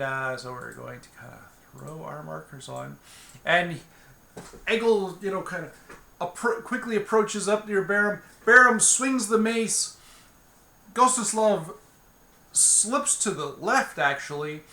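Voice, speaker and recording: A man's voice: fairly high pitch, sharp tone. A man narrating a solo tabletop game in a loose, rambling way, often restarting his sentences. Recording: roomy echo.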